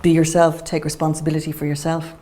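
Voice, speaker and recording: Woman, documentary interviewee, calm, measured, lowish voice. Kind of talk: reflective conversation.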